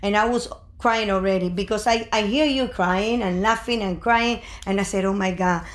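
A woman's voice: mid-range voice, moderate pace. An older woman, mother of the host, telling a rambling, emotional family story with many restarts in casual chat.

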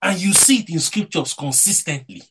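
A man's voice: a little high, lively intonation, moderate pace, background noise. A man preaching a devotional sermon with emphatic delivery, his voice rising and falling between points.

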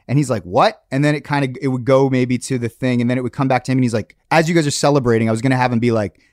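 A man who writes and directs, telling stories in quick casual chat over a video call. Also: medium pitch, fairly even intonation, darkish tone, no room sound, studio quality. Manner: fast, storytelling, laughing.

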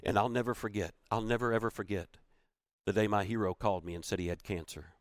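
A man's low voice carries a heartfelt story as a motivational speaker. He presses on key phrases and says them twice for weight. The sound is dry and close, with no room echo. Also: steady tone, quick pace. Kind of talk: storytelling keynote speech.

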